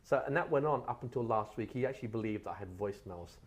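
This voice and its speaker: A middle-aged man from England, a guest telling animated stories in a casual podcast chat. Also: on the low side. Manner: animated storyteller, quick and lively. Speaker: guest author.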